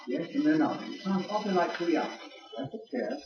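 A man's voice: a little high, expressive, a little fast. Older man preaching in an echoey hall. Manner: teasing, challenges the audience with questions. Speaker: speaker addressing a church audience. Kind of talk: lively sermon-style lecture. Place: large room with an audience. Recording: echoey room, far from mic, dull sound.

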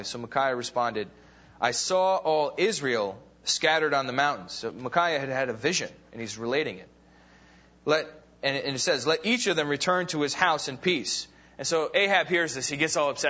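Bright-voiced man teaching a Bible class. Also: a little high, normal speed. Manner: casual retelling with fillers, acts out quoted lines. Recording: dull lo-fi recording.

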